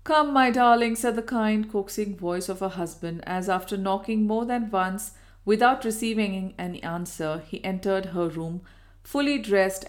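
In measured, even tones, a woman audiobook reader with a mid-range voice works through scripted narration of a Victorian novel.

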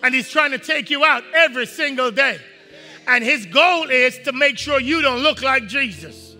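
A man preaching a sermon, reading scripture with the congregation and breaking off to explain it, often rising to shouts. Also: very high-pitched, expressive, normal speed, in a large hall, soft background music. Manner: preaching with call-and-response to the congregation. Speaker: pastor.

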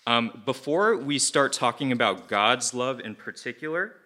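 Casual, animated man preaching. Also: medium pitch, measured pace. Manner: casual and animated, frequent fillers and questions to the audience. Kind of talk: sermon to a youth group.

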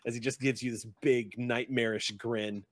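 A man's voice: medium pitch, moderate pace. Man narrating a tabletop game. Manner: vivid, relaxed narration with crude humor. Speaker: game master.

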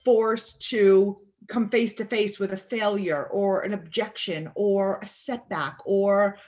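Woman, interview guest, emphatic motivational talk, mid pitch. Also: steady tone, slow pace, darkish tone. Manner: emphatic, acts out quoted thoughts. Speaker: guest speaker.

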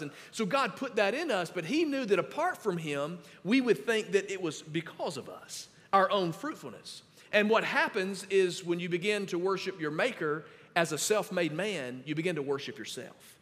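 High-voiced pastor preaching. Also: male voice, a bit bright, long reverb tail. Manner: emphatic, instructing the congregation to underline verses. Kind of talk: sermon.

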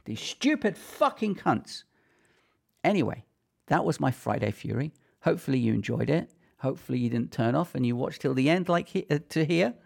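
Furious, gravelly-voiced man ranting. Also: medium pitch, quick pace, a little mellow. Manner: furious, heavily profane ranting. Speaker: tech support business owner. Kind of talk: angry ranting vlog.

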